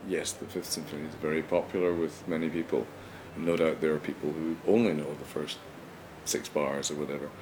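A man speaking as a conductor in an interview clip, in a measured, reflective manner. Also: rumbling low, flat delivery, noisy background.

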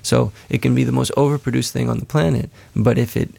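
A man's voice: mid-range voice, steady tone, fast talker, creaky, dark tone, dry recording. A man being interviewed as a musician, talking in an earnest, rambling way with many restarts and self-corrections. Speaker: musician guest. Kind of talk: casual interview talk.

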